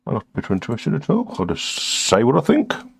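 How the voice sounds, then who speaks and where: A man's voice: medium pitch, huge pitch swings, fast talker, vocal fry, slightly rough. An older man chatting casually on a live stream while recording music, sardonic and crude, muttering to himself as he works.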